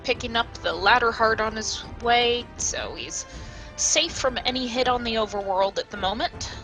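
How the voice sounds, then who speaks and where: Bright-voiced woman calling a game race. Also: on the high side, expressive, normal speed, faint music behind, low-quality recording. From northwest United States. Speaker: co-commentator. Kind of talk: casual speedrun commentary.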